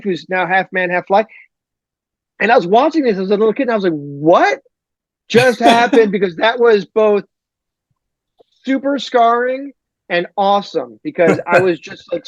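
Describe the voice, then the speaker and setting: A man from Detroit, a novelist guest on a podcast, talking in a rambling, animated way full of fillers. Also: high-pitched, dry recording, dull audio. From Detroit, USA. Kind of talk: casual podcast chat.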